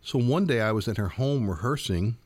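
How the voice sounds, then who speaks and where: A man's voice: on the low side, lively intonation, brisk, darkish tone, no room sound. A man in his sixties, a jazz guitarist and professor, answering interview questions earnestly, with many fillers and repeats.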